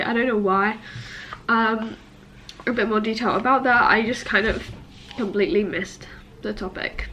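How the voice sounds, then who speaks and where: A woman's voice: fairly high pitch, normal speed, pushed and bright, slight background noise. A young woman, a university student, venting tearfully in a personal vlog, sniffling and self-critical as she rambles. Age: young adult.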